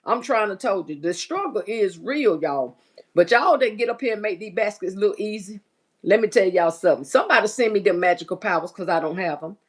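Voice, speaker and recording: Cleaning up and putting baskets together, this middle-aged livestream host chats away in a brisk, expressive mid-range voice with a breathy edge. She reads viewers' comments out loud in a homey Southern US manner.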